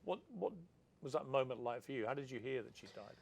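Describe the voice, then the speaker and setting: A man hosting a talk show, prompting his guest with quick follow-up questions. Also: medium pitch, gravelly, darkish tone, no echo. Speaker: interviewer, talk show host. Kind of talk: interview questions.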